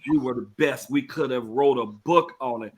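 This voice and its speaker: A man's voice: mid-range voice, normal speed, slight background noise. A middle-aged man, a pastor hosting the show, talking earnestly and repeating phrases for emphasis. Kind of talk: emotional talk-show testimony.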